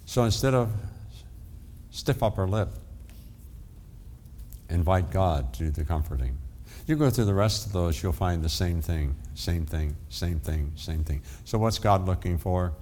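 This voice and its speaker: Slow, earnest older man preaching. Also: deep voice, expressive, warm tone, slight background noise. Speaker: pastor. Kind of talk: sermon.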